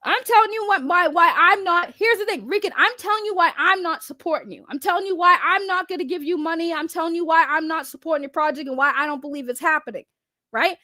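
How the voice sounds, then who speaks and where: Young woman streamer, high pitched, cussing out someone to her chat, dry close mic. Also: quick pace, bright, forceful tone, no echo. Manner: blunt, heavy swearing, talks straight to chat. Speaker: livestream commentary host. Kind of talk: ranting livestream commentary.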